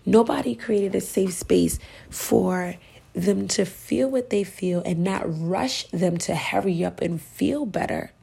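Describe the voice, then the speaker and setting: A woman preaching in a slow, deliberate sermon, her low voice heavily gravelly and rough. She urges her listeners intensely and keeps slipping into a hushed whisper. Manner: emphatic, urging. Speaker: spiritual speaker.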